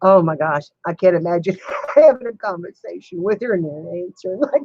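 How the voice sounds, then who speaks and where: A woman's voice: fairly low pitch, animated, a little fast, husky, no echo, dull audio. A woman hosting a casual live stream from her home computer, chatting with viewers and laughing helplessly. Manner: giggly, keeps laughing helplessly.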